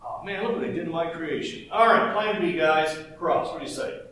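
God the creator in an offhand joking tone, as a male preacher acts him out, voice high for a man, with heavy hall echo, heard from a distance. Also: fairly quick, bright, forceful tone, slight background noise. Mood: wry. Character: God the creator, wry and casual.

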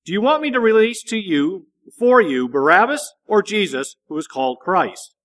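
A man voicing a stern, uneasy Roman governor in a measured, deliberate Bible reading. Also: high-pitched, animated, a bit bright. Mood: grave.

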